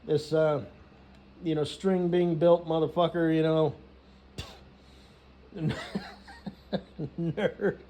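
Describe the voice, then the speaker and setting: A man's voice: fairly high pitch, little pitch movement, drawn-out words, long pauses, mellow. A man telling a rambling, profane story, filling it with "you know" and laughs. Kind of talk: rambling casual rant.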